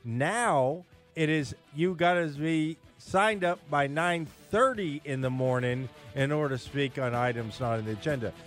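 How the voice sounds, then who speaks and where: Indignant guest on a radio show. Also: male voice, a little high, unhurried, hardly any pauses, a bit bright, soft background music. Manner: indignant, emphatic, with restarts. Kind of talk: casual radio talk.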